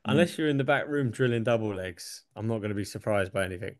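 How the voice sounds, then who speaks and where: This interview guest is a UFC fighter from England, a young man whose fairly low voice moves fast. He's relaxed, curses without restraint, and breaks into laughter between ideas, all on a dry, studio-quality recording.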